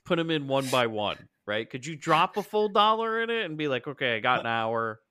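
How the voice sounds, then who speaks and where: A man talking as a guest on a podcast, animated and joking, swearing freely in casual chat. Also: medium pitch, brisk, clear, resonant tone, no room sound.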